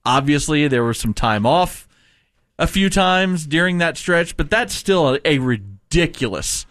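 A man's voice: on the high side, unhurried, dry recording, clean studio sound. A man hosting a casual sports news show, reading headlines and laughing with co-hosts. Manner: lively, laughs often, reads news items.

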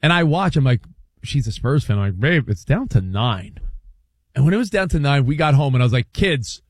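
A man's voice: a little high, fast, no room sound, clean studio sound. New man telling a sports story. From New York. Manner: storytelling, animated, self-deprecating. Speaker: podcast co-host, youth sports coach. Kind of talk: casual sports chat.

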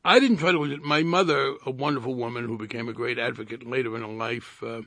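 An older man with a New Jersey accent, a retired congressman in a radio interview, speaking haltingly with dry wit and repeated words. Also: medium pitch, fairly even intonation, creaky, a bit bright, dry recording.

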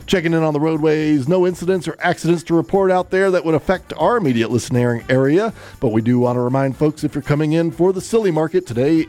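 Man, radio host, losing voice, casual, reading weather and traffic. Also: a little high. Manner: relaxed, chatty, laughs at himself. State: losing his voice. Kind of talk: live radio talk and weather report. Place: radio studio. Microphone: studio microphone.

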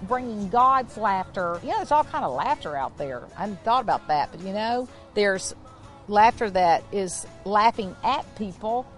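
A woman's voice: on the high side, fairly bright tone. Giggly woman co-hosting a faith show. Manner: giggly, keeps breaking into laughter. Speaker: co-host. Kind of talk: casual Christian chat show.

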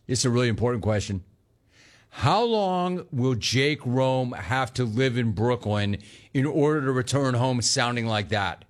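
A man's voice: medium pitch, lively intonation, a little slow. Brash joking sports radio host man. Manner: brash, joking, calls people dude and bro. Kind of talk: call-in sports talk show.

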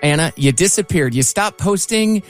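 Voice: mid-range voice, animated, normal speed, soft background music. A radio co-host teasing a colleague in casual banter, prying for gossip.

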